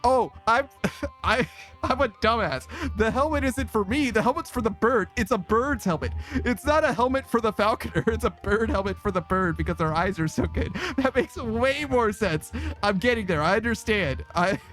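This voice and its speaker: A man live-streaming a game and reading his chat aloud, with a slightly raised pitch. He rambles loosely, swears freely and keeps breaking into laughter, with faint music behind him. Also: normal speed, a bit bright.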